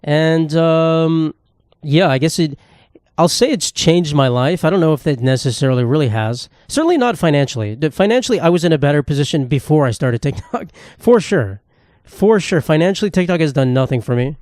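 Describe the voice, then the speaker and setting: A man's voice: on the high side, expressive, fairly quick, darkish tone, no echo, clean studio sound. A young man, a comedian hosting his own podcast, rambling casually in a self-deprecating way and swearing freely. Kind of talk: casual solo monologue.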